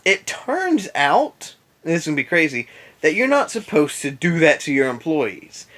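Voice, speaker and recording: A man's voice: fairly high pitch, sing-song, moderate pace, fairly bright tone. A tired young man in bed, venting about an old boss in a casual vlog rant with sarcastic asides. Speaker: vlogger. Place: in bed at home.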